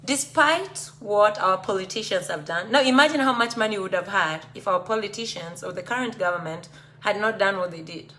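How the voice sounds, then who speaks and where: This time her mid-range voice is fairly quick, bright and forceful as she hosts a casual live stream with a Kenyan accent. Chatting with viewers, she reads out their comments and mixes in Swahili phrases, over a little hiss or hum.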